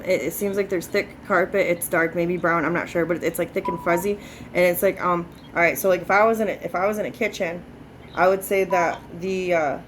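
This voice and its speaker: A woman with a somewhat low voice works through a psychic reading. She talks in a loose, chatty way, leaning on filler words and swearing freely. A faint background hum runs under her. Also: low-quality recording. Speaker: psychic medium. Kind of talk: spirit reading session.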